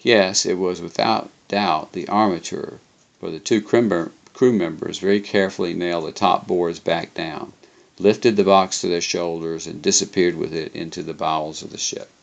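Casting: low-voiced man narrating a memoir, gravelly, stumbles now and then. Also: fairly even intonation, dull audio. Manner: unhurried, occasional slips and self-corrections. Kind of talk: reading a memoir aloud.

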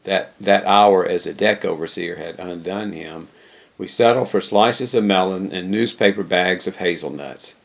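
A man's voice: low voice, normal speed, vocal fry. A man reading a travel memoir aloud in a dry, wry storytelling manner, on a dull lo-fi recording. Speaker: reader.

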